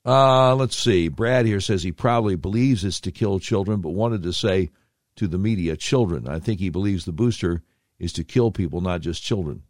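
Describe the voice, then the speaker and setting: A man's voice: sits low, moderate pace, no echo, clean studio sound. A man hosting a podcast, giving rambling, sarcastic commentary with slangy asides. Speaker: podcast host.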